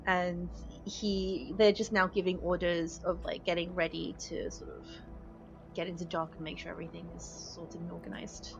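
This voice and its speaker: A woman's voice: fairly low pitch, level tone, normal speed, creaky. A woman narrates a tabletop adventure as dungeon master. She talks loosely, with fillers and small laughs. The recording is dull and lo-fi, with faint music behind. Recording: dull lo-fi podcast audio.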